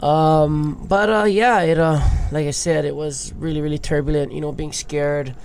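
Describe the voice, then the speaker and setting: On a candid podcast, this Hawaiian big wave surfer in his thirties opens up emotionally about his life, dropping casual swears. He speaks a little high at a moderate pace, his tone steady, a touch mellow, clear and resonant.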